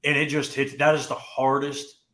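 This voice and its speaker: A man's voice: mid-range voice, flat delivery, normal speed, fairly bright tone, reverberant. A young man co-hosting a sports podcast, telling a story casually and often saying "dude" and "like". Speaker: podcast co-host.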